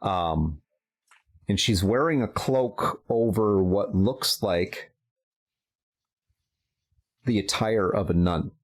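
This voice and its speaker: A man narrating a tabletop role-playing game as game master, in a slow, measured way with small hesitations. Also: fairly low pitch, breathy edge.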